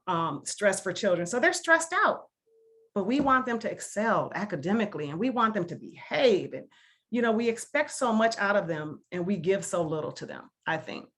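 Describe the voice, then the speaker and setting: A woman's voice: mid-range voice, sharp tone. A woman from Milwaukee speaking on a video call as a guest speaker, earnest and emphatic, leaning on repeated phrases. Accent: Milwaukee, Wisconsin. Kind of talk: casual talk to a video call discussion.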